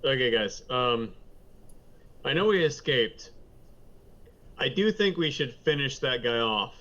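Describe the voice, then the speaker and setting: A man's voice: mid-range voice, expressive, measured pace, fairly bright tone. A man playing in a tabletop game, joking wryly with the group. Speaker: player. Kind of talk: casual tabletop play. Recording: dull lo-fi mic.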